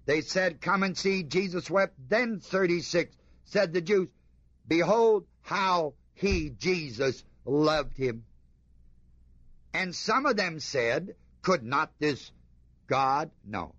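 Guy preaching a sermon, asks the crowd lots of questions, goes quiet then fired up, kinda muffled dry lo-fi sound. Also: a little high, sing-song, takes it slowly, no room sound. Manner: emphatic, rhetorical questions to the congregation, swings between hushed and fervent. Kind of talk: sermon, reading and commenting on scripture.

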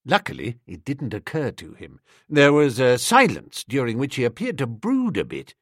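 A man narrating an audiobook in a breezy, expressive first-person storytelling manner. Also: medium pitch, normal speed, dry recording, clean studio sound.

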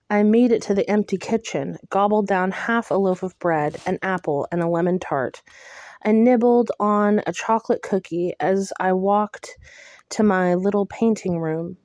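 A woman reading a first-person novel aloud in a hushed, intimate way. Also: medium pitch, no room sound, studio quality. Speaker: audiobook reader.

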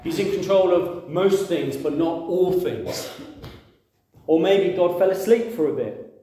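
High-pitched and mellow, he speaks unhurriedly, with a little hiss or hum on the recording. In an echoey room he preaches a sermon conversationally, asking the audience questions and performing quoted voices.

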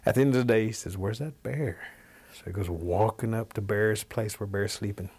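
A man telling a traditional folk tale, animated, shifting pace and pitch for effect. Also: fairly quick, slightly rough. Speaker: storyteller. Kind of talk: oral folk storytelling.

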